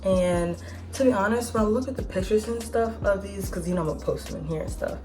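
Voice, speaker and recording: A woman's voice: mid-range voice, quick pace, darkish tone, soft background music. Chatty slangy woman in her twenties. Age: 20s. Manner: chatty, slangy and profane, with asides and laughs. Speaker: vlogger host. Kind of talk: casual nostalgic chat.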